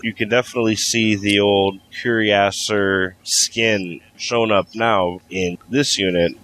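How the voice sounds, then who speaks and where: A man's voice: fairly low pitch, steady tone, measured pace, fairly bright tone, low-quality recording. A man chatting casually as a podcast panelist, joking around with the others. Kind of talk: casual group chat.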